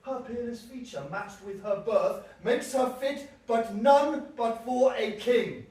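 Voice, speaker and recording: A man playing an ambitious, scheming nobleman on stage, declaiming his plans slowly and slyly. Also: very high-pitched, darkish tone. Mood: persuasive. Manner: declamatory, sly and plotting. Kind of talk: stage acting. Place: theatre stage. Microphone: distant camera mic. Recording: echoey theatre from far off.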